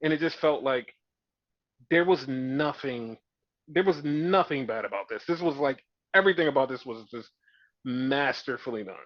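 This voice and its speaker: Excited rambling man, dull lo-fi mic. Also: medium pitch, normal speed, no room sound. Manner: excited, rambling with many "like" fillers. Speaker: podcast host. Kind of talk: casual wrestling recap chat. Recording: dull lo-fi sound.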